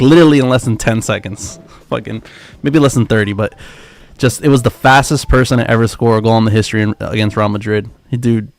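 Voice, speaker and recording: Young adult male streamer, gravelly voice, loose and profane, excitable slang. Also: lowish voice. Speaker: livestream trading host. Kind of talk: casual live-stream chat.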